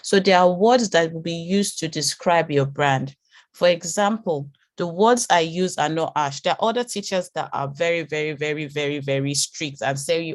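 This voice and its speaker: A woman with a lowish voice teaches a branding lesson in a calm, reassuring manner. She often repeats words while she gathers her thoughts. The sound is dry and close. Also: normal speed, dry recording. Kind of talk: online class lecture.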